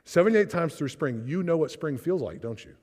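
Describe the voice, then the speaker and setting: A man's voice: on the high side, animated, fairly quick, a little mellow. A man giving a conversational church seminar talk on trauma, acting out inner voices in quotes. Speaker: speaker on trauma. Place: church hall. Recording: reverberant church hall.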